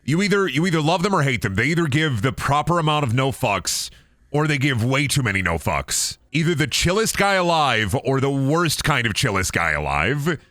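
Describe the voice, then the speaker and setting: A young man casually commenting on his gameplay as a streamer, goofy and rambling, often swinging into silly high voices. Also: big pitch swings, moderate pace, fairly bright tone, dry recording, studio quality.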